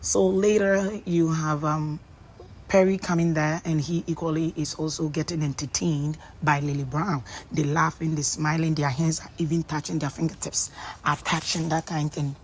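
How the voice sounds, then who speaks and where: A woman's voice: low voice, steady tone, normal speed, slight background noise, rough recording. A woman casually recapping a reality show, chatty and full of ums and pidgin asides.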